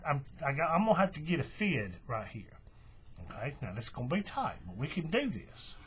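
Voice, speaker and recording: A man's voice: a little high, brisk, breathy edge. A man hosting a hands-on craft tutorial, talking casually step by step while he works with his hands. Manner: relaxed, folksy, talks while working with his hands.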